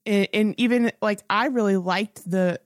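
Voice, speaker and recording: Earnest and rambling, with frequent restarts, a female podcast co-host talks casually about films. She has a mid-range voice and an unhurried pace. It's a clean studio recording without any room sound.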